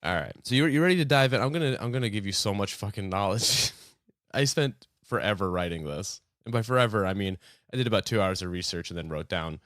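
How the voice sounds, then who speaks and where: A man's voice: lowish voice, expressive, fast talker, fairly bright tone, no echo, clean studio sound. A young man hosting a casual podcast, joking, swearing and rambling with lots of fillers. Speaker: podcast host.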